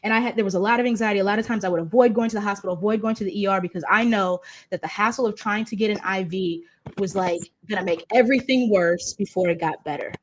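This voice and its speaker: A woman's voice: mid-range voice, fast, a little hiss or hum. A woman in her thirties from the United States, hosting a casual panel conversation and talking freely with many fillers and restarts. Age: 30s. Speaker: host and patient advocate.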